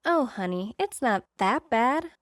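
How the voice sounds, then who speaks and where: A woman's voice: a little high, very animated, unhurried, fairly bright tone, dry recording, studio quality, pitched above the performer's own voice. A woman voicing a doting older aunt who speaks in a soothing, affectionate way in a storybook reading. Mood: tactful.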